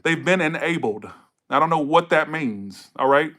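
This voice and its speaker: A man's voice: fairly high pitch, animated, normal speed, a bit bright. A man giving a casual tarot reading to camera, blunt and profane, scolding viewers and repeating himself for emphasis. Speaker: tarot reader.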